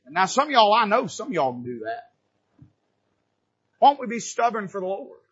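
A pastor with a high, somewhat husky voice preaches in a church sanctuary. He drops low and soft, then rises loud with repeated questions. The recording is dull and lo-fi. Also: sing-song, fairly quick. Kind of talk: sermon.

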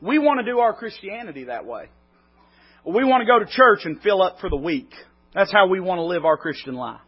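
A man preaches, rising into loud, pressing peaks and falling to near-quiet asides. His voice sits high and husky. The recording is dull and lo-fi. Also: lively intonation, brisk. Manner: dynamic preaching, swinging from loud climbs to quiet drops. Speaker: pastor. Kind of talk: sermon.

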